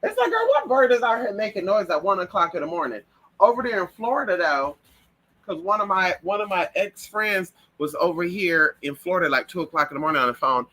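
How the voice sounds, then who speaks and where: A man chats with his viewers in a sassy, profane gossip style. His voice sits a little high and comes out bright and sharp. His pitch jumps around lively as he acts out every moment of the story. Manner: does shrill high voices for birds and people in stories. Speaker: livestream host. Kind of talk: casual gossip chat.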